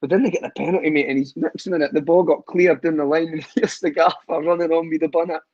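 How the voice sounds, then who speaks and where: A Scottish man, a footballer guest, telling lively, profane stories in a casual podcast chat. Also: fairly high pitch, fast talker, no echo, highs cut off. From Scotland. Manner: lively storyteller, swears, laughs often.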